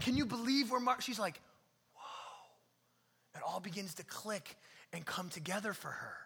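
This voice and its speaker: Animated preacher man with a gravelly voice. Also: high-pitched. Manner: animated, swings between shouting and hushed near-whispers. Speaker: pastor. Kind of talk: sermon. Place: church sanctuary. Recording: long hall reverb.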